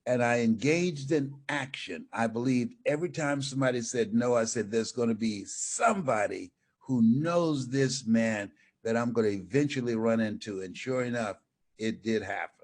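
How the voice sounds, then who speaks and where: A man's voice: mid-range voice, normal speed. An older man, a motivational speaker, telling stories as an interview guest and acting out the dialogue. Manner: animated storyteller, acts out dialogue. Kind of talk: storytelling interview.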